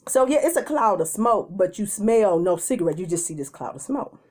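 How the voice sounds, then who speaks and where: A woman tells a story time on her vlog, and her voice rises and falls a lot as she goes. She acts out what people said in different voices. Her pitch sits in the middle for a woman. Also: fairly quick. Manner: animated storytelling, acts out quotes in changing voices. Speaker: mukbang vlogger.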